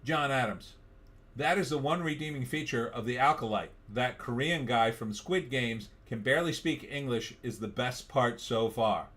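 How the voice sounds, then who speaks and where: A man's voice: mid-range voice, normal speed, fairly bright tone. A middle-aged man hosting a casual live stream, reading viewer comments aloud and riffing on them in a wry, offhand way.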